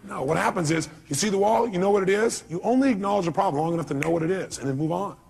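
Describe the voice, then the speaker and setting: A man giving a motivational seminar to a live audience, telling stories with animated, acted-out quotes and sudden leaps in pitch. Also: very fast, gravelly. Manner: animated storytelling, acts out quotes with big pitch jumps. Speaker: motivational speaker.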